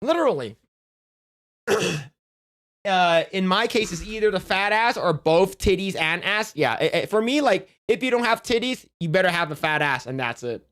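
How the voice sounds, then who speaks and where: A man's voice: high-pitched, expressive, moderate pace, a bit bright. A man live-streaming in casual chat, crude and profane, rambling with restarts in a jokey instructional tone.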